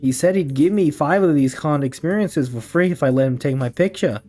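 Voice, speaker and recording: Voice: mid-range voice, fairly quick, a little mellow, soft background music, pitched above the performer's own voice, close to an everyday voice. A streamer voicing an offhand woman baker with a put-on Scottish or Irish lilt. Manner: offhand and casual. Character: smiling middle-aged woman baker, offhand.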